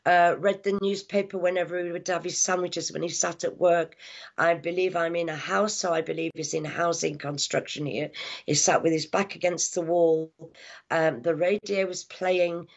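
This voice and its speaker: A woman working as a psychic medium, giving a live reading with halting speech, lots of fillers, hushed asides and affectionate words like darling. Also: lowish voice, steady tone. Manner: affectionate, calls people darling and my lovely. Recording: dull lo-fi sound.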